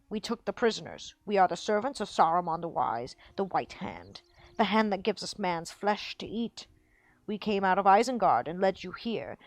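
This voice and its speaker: A woman reading aloud, voicing a brutish male orc captain who barks loud, domineering commands in a growl. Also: medium pitch, dry recording, lightly acted. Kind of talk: reading a book aloud on a livestream.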